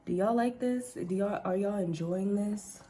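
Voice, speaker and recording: A woman's voice: mid-range voice, unhurried, dark tone. A woman chatting casually with her viewers while getting ready at home, laughing often and calling them "girl". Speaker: vlogger. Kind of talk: casual get-ready-with-me chat. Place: home kitchen, then upstairs.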